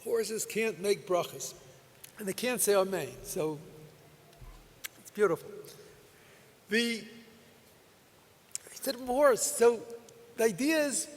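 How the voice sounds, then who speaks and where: High-voiced older rabbi in echoing hall. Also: male voice, lively intonation, slow, long pauses, slight background noise. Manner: folksy storytelling with soft laughs. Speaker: rabbi speaker. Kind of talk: Torah lecture. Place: convention hall. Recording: long hall reverb.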